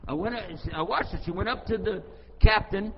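An American man preaches to a gathering, retelling a run-in with animated voices for each character. His voice sits a little high, and it carries in a big reverberant hall. The recording is dull and lo-fi, with faint noise underneath. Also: a little fast. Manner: animated, acts out both sides of dialogue. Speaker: Islamic preacher. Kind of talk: storytelling talk to an audience.

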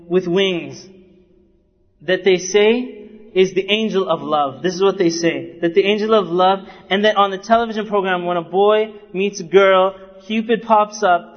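A man preaching a sermon with earnest, repeated emphasis, quoting Arabic scripture between English lines. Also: a little high. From Canada. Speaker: Islamic preacher. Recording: dull lo-fi recording in a reverberant hall.

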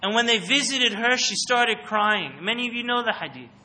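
Male speaker giving a religious talk on a mic, fairly high and very bright, quizzes the crowd. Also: moderate pace. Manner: questions the audience and calls on them. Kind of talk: interactive religious talk to an audience. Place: room with a live audience. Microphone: microphone.

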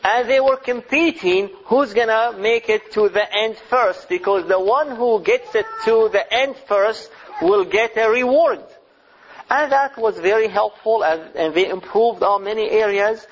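A middle-aged man giving a religious lecture on parenting, speaking deliberately and asking his listeners rhetorical questions. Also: high-pitched, slight background noise. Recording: slightly dull lo-fi recording.

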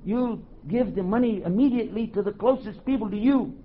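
A man giving a religious lecture to a live audience, animated, quizzing the crowd and joking. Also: high voice, fairly quick. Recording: dull lo-fi recording, faint hiss.

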